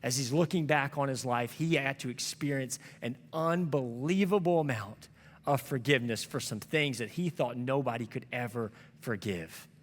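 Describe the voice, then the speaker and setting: A man's voice: mid-range voice, moderate pace, in a large hall. A man preaching a sermon as a pastor, telling a story in a conversational, earnest way. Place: church sanctuary.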